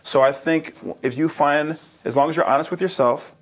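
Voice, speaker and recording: A man's voice: a little high, normal speed. A man from New Jersey, a roofing business owner, telling stories in an interview and acting out dialogue with laughter. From New Jersey, USA. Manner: laughs often, acts out dialogue in lively voices. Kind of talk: animated interview storytelling.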